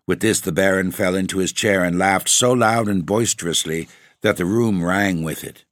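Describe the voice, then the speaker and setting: Deep-voiced man reading a ghost story. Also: normal speed, fairly bright tone, no room sound, studio quality. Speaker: narrator.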